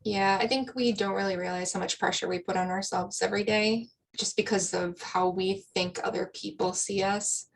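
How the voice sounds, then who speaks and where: Woman group member, mid-pitched voice, thoughtful, slow, faint noise behind. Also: fairly even intonation, gravelly. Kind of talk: casual chat on a video call. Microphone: video call.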